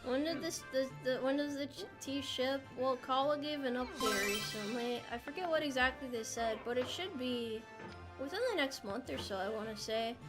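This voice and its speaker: A woman's voice: high-pitched, moderate pace, music in the background. A young American woman streaming a game, chatting playfully with her viewers in a rambling way. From United States. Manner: playful, rambling, answers chat. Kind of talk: casual live-stream chat while gaming.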